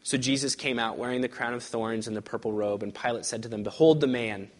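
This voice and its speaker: A male pastor preaching a sermon and reading scripture aloud, pressing hard on key words and then dropping to hushed, quiet lines. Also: mid-range voice, fairly even intonation, fast. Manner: emphatic, swings from loud stresses to hushed lines.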